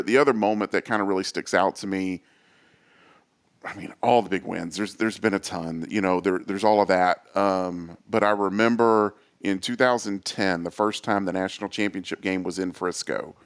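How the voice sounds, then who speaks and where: A man, a guest on a talk show, telling lively stories with many quoted voices and fillers. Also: low voice, moderate pace, smooth. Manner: animated storyteller, acts out quoted voices. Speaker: associate athletic director, guest. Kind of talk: casual storytelling interview.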